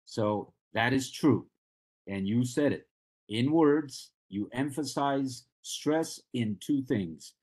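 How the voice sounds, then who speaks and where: A man's voice: medium pitch, expressive, takes it slowly, darkish tone, slightly rough. A man teaching an English speaking class. He explains patiently and keeps asking the students questions to check they follow. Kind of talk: live online class lecture.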